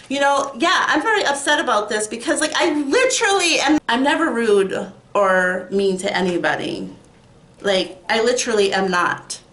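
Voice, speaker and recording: A woman's voice: a little high, a bit bright. A young woman rants in a vlog, sounding upset, emphatic and rambling. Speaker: YouTuber. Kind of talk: ranting vlog. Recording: echoey room.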